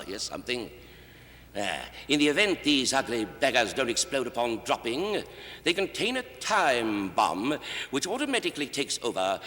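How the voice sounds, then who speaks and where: A man performing a comic monologue as one side of a conversation, overly polite and deferential, calling his listener sir, often stammering and halting. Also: medium pitch, bright, forceful tone. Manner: nervous stammering and halting restarts. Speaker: comedian. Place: television studio stage. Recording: long hall reverb on a 1960s TV stage.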